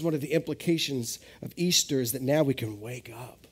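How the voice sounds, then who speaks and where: High-voiced lively male pastor. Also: normal speed, hardly any pauses, slightly rough. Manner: animated storytelling with sudden rises in pitch. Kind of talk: sermon. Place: church hall, live service.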